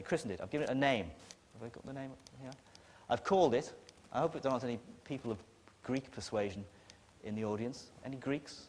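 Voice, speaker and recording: A man with a northern English accent giving a talk to an audience, blunt and emphatic, with a sardonic edge. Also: a little high. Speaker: conference speaker. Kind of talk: lecture to an audience. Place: lecture hall with an audience. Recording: long reverb of a lecture hall.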